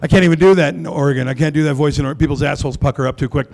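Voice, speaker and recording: Gravelly, brash stand-up comedian man. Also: a little high, rapid-fire, few pauses, a loud crowd, very noisy. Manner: brash, crude, self-mocking punchlines. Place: comedy club stage.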